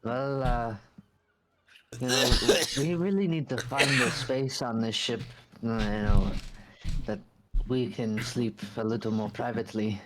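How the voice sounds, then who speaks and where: A tabletop player narrates a character's actions in a slow, halting way. The voice sits at a middle pitch and the delivery is unhurried. A faint hiss runs under it. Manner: halting, with many fillers, laughs mid-sentence. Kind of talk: role-play narration and in-character talk.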